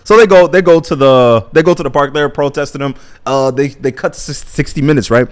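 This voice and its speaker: A man's voice: on the high side, fairly quick. A young man giving a casual episode recap, rambling, self-correcting and slangy. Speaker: commentary vlogger.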